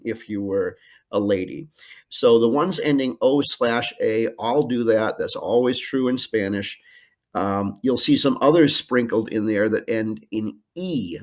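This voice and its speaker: A middle-aged man teaching a Spanish lesson from home in a recorded screencast, modeling phrases slowly and carefully with frequent ums. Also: lowish voice.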